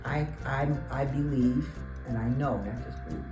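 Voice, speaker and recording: Woman, religious sister, reflective advice, searching for words, roomy echo, music clearly behind. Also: very deep voice. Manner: thoughtful, pauses to search for words. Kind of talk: reflective advice to young people. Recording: echoey room with music behind.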